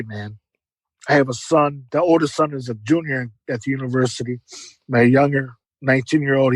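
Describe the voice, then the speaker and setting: A man's voice: medium pitch, slightly rough, no room sound, rough recording. A middle-aged man giving an emotional, earnest personal testimony as a podcast guest, often repeating words.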